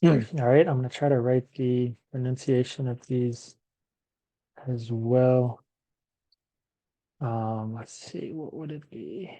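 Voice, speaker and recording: A man gives a classroom lesson in a relaxed, mellow voice. He speaks slowly and repeats each word patiently for learners, thinking aloud as he goes. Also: mid-range voice. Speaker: English teacher.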